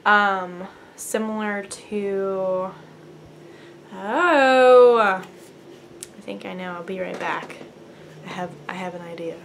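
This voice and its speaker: A woman's voice: medium pitch, little pitch movement, slow, vocal fry, a bit bright, slight background noise. A young woman, hosting a knitting podcast from her apartment, chatting casually and bubbly with lots of fillers. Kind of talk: casual chat to camera. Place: apartment at home.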